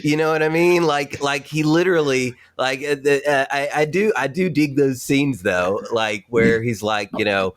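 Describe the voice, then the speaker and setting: A man's voice: mid-range voice, lively intonation, normal speed, hardly any pauses. A man co-hosting a podcast in casual chat, rambling and hesitant, laughing often. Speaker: podcast co-host.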